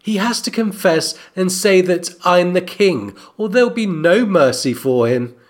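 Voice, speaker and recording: A man's voice: high voice, animated, a little slow. A man voicing a petulant teenage boy king, reading the lines fairly plainly.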